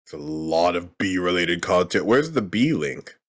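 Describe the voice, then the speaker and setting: A man co-hosting a podcast, chatting casually with teasing, deadpan banter. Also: low voice, moderate pace. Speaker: podcast co-host. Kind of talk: casual chat.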